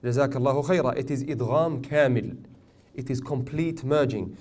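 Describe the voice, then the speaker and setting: A man teaching a tajweed class, questioning his students often and joking gently. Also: mid-range voice, moderate pace. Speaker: Quran recitation teacher.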